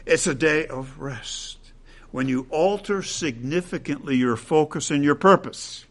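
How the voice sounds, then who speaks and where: A man's voice: on the high side, unhurried, a bit bright. A man preaching a sermon in a conversational way, dropping asides and checking in with his listeners.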